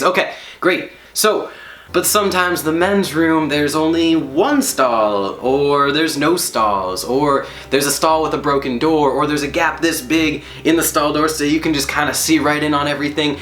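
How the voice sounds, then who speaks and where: Animated man telling a comic personal story. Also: on the high side, normal speed. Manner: animated, comic, emphatic repetitions. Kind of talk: personal story told to an audience. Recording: echoey room.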